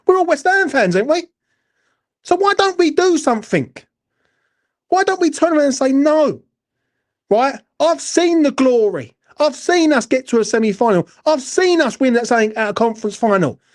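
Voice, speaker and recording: A man with an East London accent, host of a football fan channel, ranting angrily to camera after a match, blunt and full of swearing, tagging "right?" and "yeah?" onto his lines. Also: very high voice. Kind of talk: angry post-match rant to camera.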